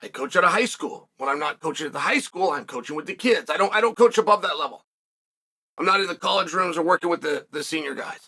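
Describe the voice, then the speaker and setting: A man's voice: fairly high pitch, animated, fast, pushed and bright. A middle-aged man hosting a commentary monologue for viewers, emphatic, repeating words and asking rhetorical questions. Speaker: host and former fighter.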